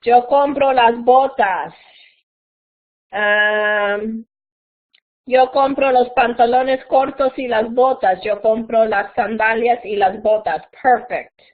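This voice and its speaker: Woman, Spanish teacher, fairly high voice, patient step-by-step explaining, tinny phone-like sound. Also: steady tone, takes it slowly. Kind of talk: live online class.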